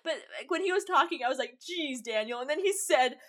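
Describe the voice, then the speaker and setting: A woman's voice: very high voice, fast, a bit bright. A woman from Canada co-hosting a podcast in casual chat, sarcastic and casually swearing. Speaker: podcast co-host.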